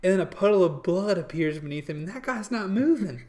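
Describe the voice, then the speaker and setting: A man co-hosting a casual video game chat, telling stories in an animated way and laughing through them. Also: sits high, a little fast. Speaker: podcast co-host.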